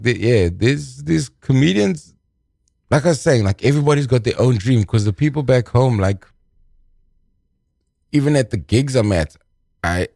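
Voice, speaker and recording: A man's voice: lowish voice, vocal fry, dark tone, dry recording, studio quality. A South African comedian chatting casually in a podcast interview. He laughs often and repeats words as he talks. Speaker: comedian guest.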